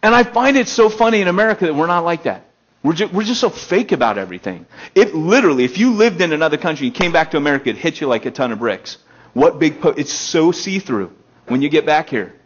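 A male pastor preaching a conversational sermon, moving between emphatic raised passages and low, quiet stretches. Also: expressive, fast talker, muffled recording. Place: elementary school meeting hall.

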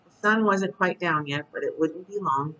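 A storyteller reading a chapter book aloud at bedtime in a calm, steady voice. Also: medium pitch, normal speed, dull audio, slight background noise.

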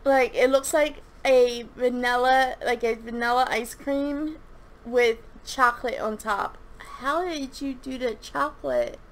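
A young woman who reviews slime and owns a shop chats casually through a product review in a slightly high voice, taking her time. She rambles and gushes, full of restarts and fillers.

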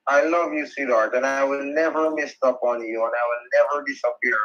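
A man's voice: mid-range voice, steady tone, fairly quick, fairly bright tone. A man on a phone call who talks in a cloying, sweet-talking way, repeating pet names. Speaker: phone scammer.

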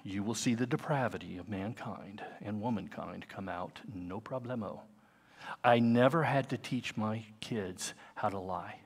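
A man's voice: lowish voice, measured pace, breathy edge. A man in his fifties preaching a sermon as pastor, earnest and conversational, with personal asides. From United States. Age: 50s.

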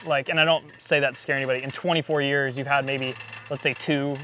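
A man's voice: medium pitch, fairly even intonation, fast, bright, forceful tone, a little hiss or hum. A young man interviewing a pilot, rambling through his questions with many fillers. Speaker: interviewer, host. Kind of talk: casual interview.

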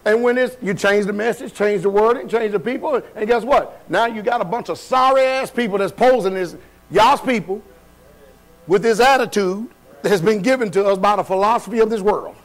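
A pastor with a high voice preaches to his congregation in a church. He talks in a loose, colloquial way and keeps putting questions to the room. He moves between loud and quiet as he preaches. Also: moderate pace, rough recording. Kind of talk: sermon. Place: church sanctuary.

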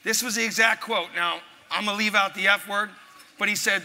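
Forceful high-voiced man in echoey hall. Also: fairly even intonation, fairly quick. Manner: forceful, punchy storytelling. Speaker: motivational speaker. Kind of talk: motivational speech. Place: large event hall. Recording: echoey hall, faint crowd ambience.

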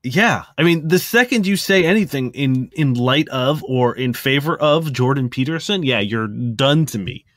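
A man's voice: medium pitch, expressive, normal speed, hardly any pauses, a bit bright, dry recording. A man co-hosting a podcast in casual chat, talking emphatically and laughing easily. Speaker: podcast co-host.

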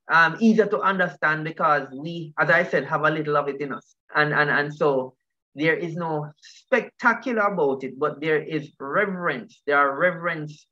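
A man's voice: on the high side, bright, forceful tone, highs cut off. A man pastor teaching a Bible study over an online call, who asks the group questions and often repeats his words.

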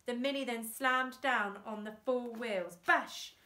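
A woman teacher reading a children's book aloud, lively and acting out the characters. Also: unhurried. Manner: lively, voices characters with big pitch jumps. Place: classroom or home, self-filmed. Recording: echoey room.

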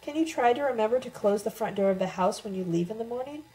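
A woman voicing a sharp, sarcastic woman with a brisk manner, in an audiobook reading. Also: a little high, lively intonation, natural voice, low-quality recording.

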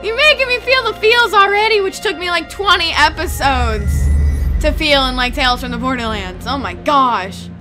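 A young woman playing through a video game, reacting out loud with excitement, emotion and pleading. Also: high-pitched, moderate pace. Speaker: let's play gamer. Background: faint game music.

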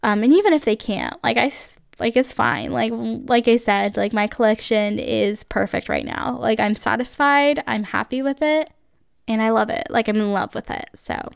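A woman's voice: a little high, moderate pace, vocal fry, clean tone, no room sound, clean studio sound. Chatty young woman podcast host. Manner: chatty, gushing, heavy use of like and um. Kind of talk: casual solo podcast chat.

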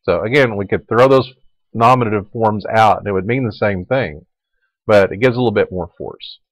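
A man giving a recorded Latin lecture, explaining grammar in a relaxed way and repeating word forms aloud. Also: on the low side, normal speed, dry recording, low-quality recording. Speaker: Latin teacher.

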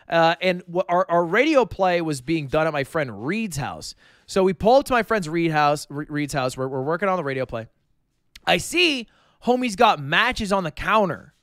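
Man, 20s, streamer, casual storytelling, lively pitch, slightly high voice. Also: no room sound, studio quality. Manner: animated, swearing, joking.

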